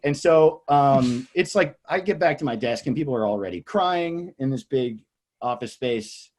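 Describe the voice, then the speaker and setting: A young man tells a long, rambling story, full of swearing, and he acts out every person in it. His pitch leaps up and down, from low mutters to high yelps. It sounds like casual podcast talk. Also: moderate pace. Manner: animated storyteller, acts out quoted people, swears a lot. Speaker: comedian guest.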